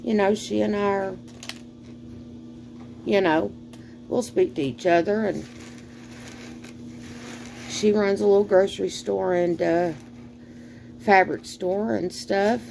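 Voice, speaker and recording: A woman's voice: mid-range voice, fairly even intonation, gravelly, dark tone, slight background noise. A middle-aged woman from the American South with a Southern accent, chatting casually and folksily while cooking. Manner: slow, folksy, rambling with fillers and sighs. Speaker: cooking vlogger.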